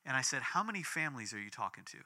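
A man in his fifties preaching a sermon, telling a personal story with big swings between loud and hushed. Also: very fast. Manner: animated storytelling with big swings in pitch and volume. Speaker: pastor.

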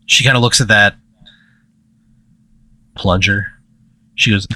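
A man improvising a comic story in the second person, building it up with deadpan escalation. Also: fairly low pitch, slow pace, long pauses, dry recording.

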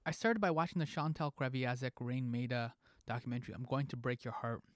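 A man's voice: mid-range voice, fairly quick, no room sound, studio quality. A man hosting a podcast, reading a scripted monologue in a playful, jokey way with pop-culture asides. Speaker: podcast host.

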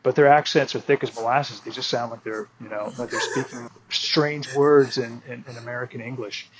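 A man's voice: mid-range voice, steady tone, moderate pace, a loud crowd, low-quality recording. Hesitant male interview guest. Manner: hesitant, many restarts, friendly. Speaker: guest, riding and martial arts instructor. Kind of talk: conversational interview.

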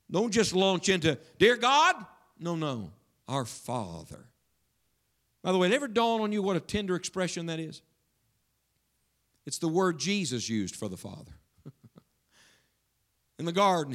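A man with a high-pitched voice delivers a sermon to a church congregation. He swings from loud, emphatic passages down to quiet, hushed asides. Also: animated, normal speed, long pauses. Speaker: pastor.

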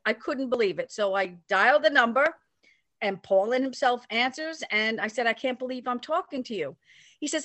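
Older woman, animated storyteller, dry close sound, voices the people she quotes. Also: a little high, brisk, dry recording. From New York area. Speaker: storyteller recounting a personal memory. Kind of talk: casual anecdote.

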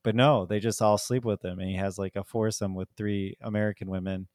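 A man's voice: fairly low pitch, fairly even intonation, a little fast, a little mellow, dry recording, clean studio sound. A man co-hosting a podcast, chatting casually about a movie, rambling with lots of "like" and frequent laughter. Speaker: podcast co-host. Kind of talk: casual movie review chat.

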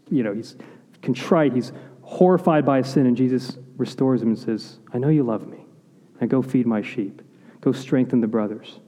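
A man preaching a sermon, earnest, asking rhetorical questions and dropping to quiet intensity at key points. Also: on the high side. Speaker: pastor. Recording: long hall reverb.

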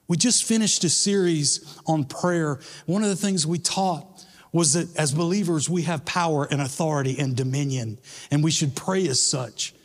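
A man's voice: on the high side, normal speed. Casual preaching man in a reverberant hall. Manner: casual, conversational preaching with slang. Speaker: pastor. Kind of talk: sermon. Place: church sanctuary.

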